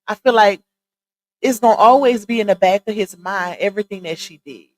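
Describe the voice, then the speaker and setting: A woman's voice: medium pitch, fairly quick, rough recording. A woman speaking, hosting a live stream and giving casual, emphatic commentary to her viewers. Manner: chatty, emphatic, addresses viewers directly.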